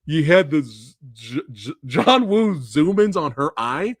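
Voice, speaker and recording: A man hosting a live movie review, talking in a casual, animated way and slipping into exaggerated quoted voices. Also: fairly high pitch, a little slow, husky, no echo. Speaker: host of a movie review show.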